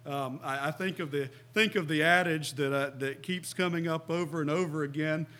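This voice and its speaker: A man's voice: on the high side, fairly even intonation, moderate pace, a bit bright. A middle-aged man preaching a sermon, earnest and emphatic, who reads scripture aloud and asks his listeners questions.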